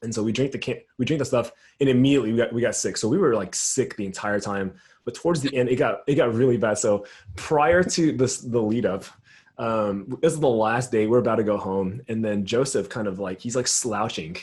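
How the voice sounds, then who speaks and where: A man's voice: mid-range voice, a little fast. Young guy youth pastor telling a wild trip story, does all the voices, laughs a lot, casual chat. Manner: animated storyteller, acts out quoted dialogue, laughs often. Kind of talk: casual storytelling at a round table.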